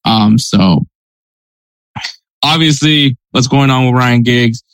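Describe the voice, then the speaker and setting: A man hosts a podcast and talks through the news in a relaxed, conversational way, often hedging his points. His pitch is average. The recording is dry and close to the mic, with no room sound. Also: slow, clean tone, no room sound, poor audio. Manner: conversational, hedging, reads headlines. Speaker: podcast host.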